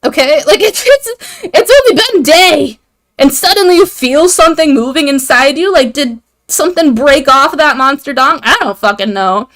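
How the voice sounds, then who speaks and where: A woman's voice: sits high, lively intonation, normal speed, fairly bright tone. A young woman hosting a video, giving an irreverent, profane comedic recap of a story and acting out the characters' lines. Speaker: video host.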